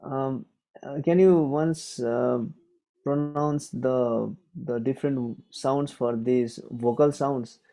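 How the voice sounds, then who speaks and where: A man, a student in an online lesson, asking questions hesitantly with many pauses. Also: mid-range voice, fairly even intonation, warm tone.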